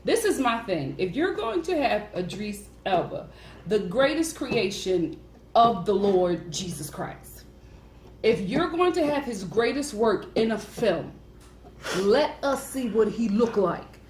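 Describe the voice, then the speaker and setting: A woman's voice: a little high, big pitch swings, slow, darkish tone. A woman reviewing a film in casual chat, effusive and dramatic with playfully devout asides. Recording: echoey room, faint noise.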